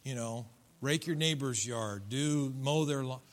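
A man's voice: mid-range voice, a little slow. A middle-aged man preaching a sermon in a church, folksy and joking, acting out voices from his congregation. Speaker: pastor. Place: church sanctuary.

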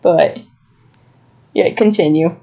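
A woman co-hosting a podcast, telling a work story in an animated, laughing way. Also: on the low side, slow, creaky, poor audio. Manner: animated, laughing often, acting out quotes. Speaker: podcast co-host. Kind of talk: casual storytelling.

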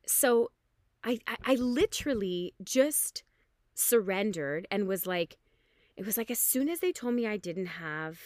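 Lively hungover woman telling a story. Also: no room sound, studio quality. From Canada. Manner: animated, acts out quoted people with big pitch jumps. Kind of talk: casual storytelling.

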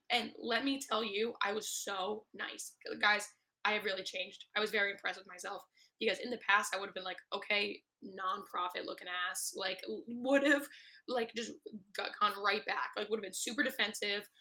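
A young woman in her twenties rants to her podcast listeners from a room at home. Her voice is bright and forward, and she rambles through her story with blunt, profane candor. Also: mid-range voice. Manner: candid, swears a lot, rambling. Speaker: podcast host. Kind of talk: casual ranting monologue. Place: home room, recording alone. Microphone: no proper mic.

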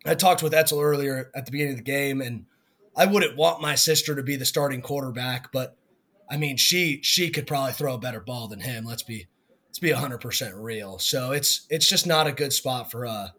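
A man co-hosting a sports podcast in casual chat, giving blunt opinions that trail off softly at the ends. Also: medium pitch, moderate pace. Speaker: podcast co-host.

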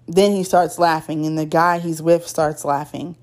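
Woman storyteller, lowish pitch, casual slangy first-person read. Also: fairly even intonation, normal speed, few pauses, darkish tone.

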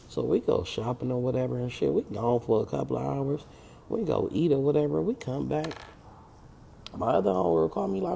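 A man's voice: medium pitch, big pitch swings, brisk, creaky, warm tone, a little hiss or hum. A man telling a casual story straight to the camera. He talks bluntly, swears freely and acts out everyone's lines. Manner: blunt, profane, acts out quoted voices.

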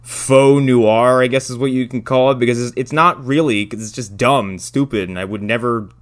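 A man's voice: medium pitch, moderate pace. A man in casual chat, sarcastically tearing apart a bad film with plenty of swearing. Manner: sarcastic, profane, animated. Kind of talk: casual movie-riffing chat.

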